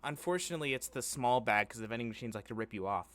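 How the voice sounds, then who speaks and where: A man's voice: medium pitch, lively intonation, fast talker, fairly bright tone. Chatty young man podcast host. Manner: chatty, swears casually. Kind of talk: casual chat.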